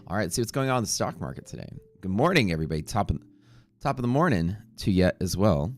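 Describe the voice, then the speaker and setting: A man's voice: lowish voice, lively intonation, fast talker. A man hosting a casual livestream from his home streaming room, greeting viewers by name and joking as he rambles. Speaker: livestream trading host.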